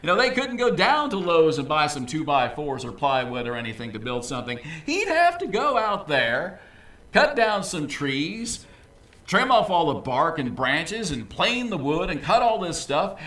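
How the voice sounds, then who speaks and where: A man preaching a sermon as pastor, in a lively, conversational way with casual asides. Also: sits high, normal speed. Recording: echoey room, voice from a distance.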